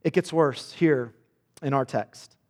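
A man's voice: medium pitch, slow, a little mellow. A man preaching a sermon, earnest and intense, repeating words as he builds each point. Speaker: pastor. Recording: long hall reverb.

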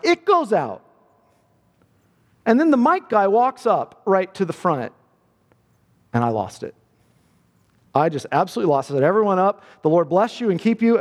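A male pastor preaching a sermon in a church, earnest and building to fervent emphasis. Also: high-pitched. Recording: long reverb of a large hall.

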